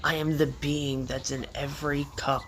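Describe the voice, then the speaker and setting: A man's voice: on the high side, little pitch movement, moderate pace, a bit bright, slight background noise, close to an everyday voice. A young man voicing a spaced-out male friend who talks in a dreamy, grandiose way.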